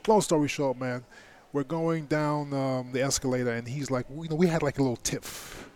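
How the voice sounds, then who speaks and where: His mid-range voice is steady, a little mellow, and moderately paced, with a little hiss or hum on the recording. The middle-aged speaker, once a heavyweight boxing champion, tells a personal story on a podcast in a blunt, profane, filler-laden way.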